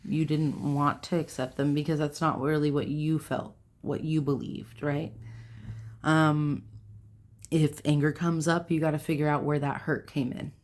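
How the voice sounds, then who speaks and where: A woman's voice: sits low, flat delivery, measured pace, darkish tone. A young adult woman hosting a self-help video, talking casually to camera in a rambling way, with fillers and self-corrections.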